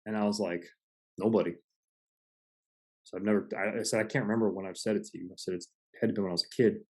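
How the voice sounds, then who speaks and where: A man's voice: on the low side, fairly even intonation, rapid-fire, darkish tone. A man in his forties hosting a podcast, telling stories earnestly and casually, with some swearing. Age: 40s. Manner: earnest storyteller, profane. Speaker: podcast host. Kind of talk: casual conversation.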